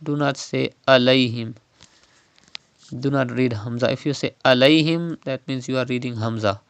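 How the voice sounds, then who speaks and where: A man teaching Quran recitation step by step, slowly modelling and repeating each word's pronunciation. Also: medium pitch, steady tone, no room sound.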